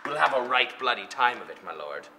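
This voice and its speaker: An actor playing a bombastic faire knight who schemes aloud in pompous mock-olde speech. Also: male voice, medium pitch, big pitch swings, brisk. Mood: scheming. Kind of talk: comic web series acting. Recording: noisy location recording.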